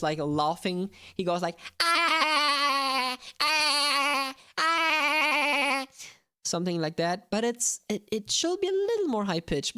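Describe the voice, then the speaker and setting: A woman chats playfully with viewers while streaming a game, laughing often. Her voice sits a little low but moves all over the place with animated swings. Faint music plays behind her. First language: Italian. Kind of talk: casual live-stream chat.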